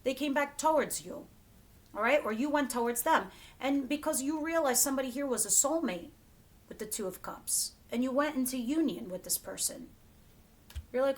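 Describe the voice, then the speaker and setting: Woman tarot reader, higher-pitched, casual and direct, swears a lot, talks to camera. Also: animated, fairly quick. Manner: chatty, blunt, swears freely; addresses viewers directly.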